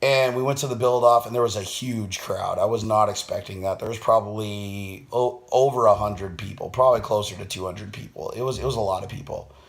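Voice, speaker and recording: Tired, blunt man with a lowish voice. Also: fairly quick, hardly any pauses. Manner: blunt, swears freely. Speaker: vlogger. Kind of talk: casual vlog recap.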